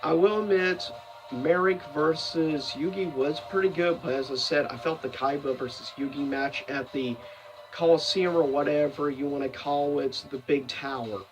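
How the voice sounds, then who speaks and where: A man's voice: on the high side, moderate pace, recorded from a distance, soft background music, low-quality recording. A man giving a casual, rambling commentary as a video host, full of fillers and self-corrections. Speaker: video host ranking seasons of a cartoon.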